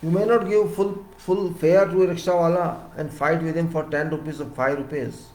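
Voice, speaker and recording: A man's voice: a little high, steady tone, moderate pace. Emphatic Indian English man, echoey room. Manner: emphatic, repeats words, swings between loud and soft. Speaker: civil engineer giving a talk. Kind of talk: lecture-style monologue.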